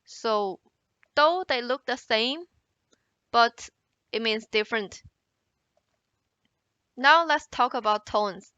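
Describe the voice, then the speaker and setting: A woman with a Mandarin Chinese accent teaching an introductory language lesson, explaining slowly and exaggerating tones in her examples. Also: a little high, lively intonation, sharp tone, clear, resonant tone, no room sound, lo-fi sound. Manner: slow, careful explanation, exaggerating tone contours in examples.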